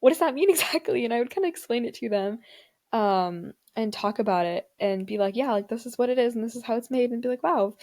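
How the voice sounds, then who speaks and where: A woman's voice: fairly high pitch, quick pace, darkish tone. A teenage girl hosting her own podcast, chatting casually and dramatically, with lots of filler words. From Indian family background. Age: teens. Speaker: podcast host. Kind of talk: casual solo podcast chat.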